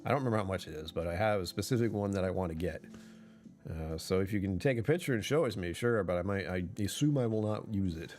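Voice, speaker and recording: Man, livestreamer, casual chat, rambling, self-correcting, chuckles mid-sentence, slightly low voice. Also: fast talker, darkish tone, soft background music.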